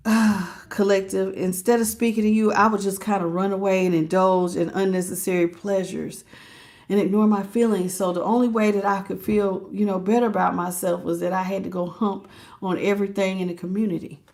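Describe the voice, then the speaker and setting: A woman voicing a hesitant lover who confesses through a tarot reading, soft and halting. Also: mid-range voice, flat delivery, voice pushed down, lightly acted. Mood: confessing.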